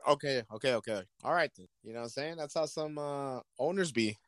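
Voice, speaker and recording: A man's voice: mid-range voice, fairly quick, no echo. A man talking football in casual, profane banter, acting out imagined conversations in different voices. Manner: profane, animated, acts out imagined dialogue. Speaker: podcast co-host. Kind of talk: casual sports chat.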